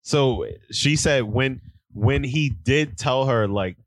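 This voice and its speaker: A man's voice: medium pitch, slow pace, no echo. A man hosting a podcast, casually telling a story and laughing often. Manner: laughs a lot, storytelling with acted quotes. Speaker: podcast host. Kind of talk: casual comedic chat.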